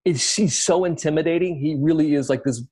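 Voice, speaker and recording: A man's voice: fairly high pitch, fairly quick, a little mellow, husky. A man, a guest on a podcast, talking casually and reflectively about interviewing artists, with lots of fillers and restarts. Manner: reflective, rambling with many fillers.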